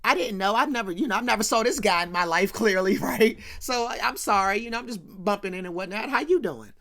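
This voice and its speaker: A woman voicing a chatty restaurant owner who rambles quickly. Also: mid-range voice, lively intonation, a bit bright.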